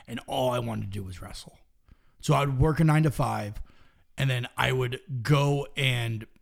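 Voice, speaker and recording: A man's voice: mid-range voice, gravelly. A young man, a professional wrestler, telling stories in casual, profane talk that drops to near-whispers. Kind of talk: casual storytelling.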